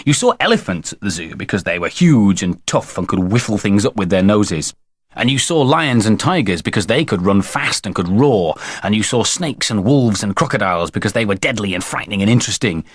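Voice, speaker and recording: A man narrating a children's storybook in a playful, expressive way. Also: on the low side, a little fast, husky, no echo. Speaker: audiobook narrator.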